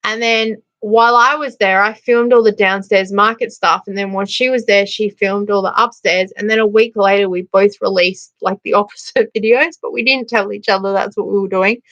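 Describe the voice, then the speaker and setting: Chatty Australian woman, bright dry voice. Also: mid-range voice, fairly even intonation, moderate pace, hardly any pauses, no echo, highs cut off. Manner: chatty storyteller, laughs often, reads out viewer comments. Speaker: livestream host. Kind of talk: casual livestream chat.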